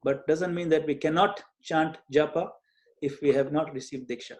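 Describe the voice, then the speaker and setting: A man leads an online group Q&A over a video call in a fairly high voice. He explains things gently and earnestly, pausing often with small hesitations as he searches for words. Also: steady tone. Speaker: Q&A session leader.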